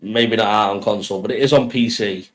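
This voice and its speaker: A man's voice: fairly low pitch, fairly quick, low-quality recording. A man co-hosting a casual podcast, joking and laughing often as he talks. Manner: jokey, laughs often between lines. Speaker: podcast co-host.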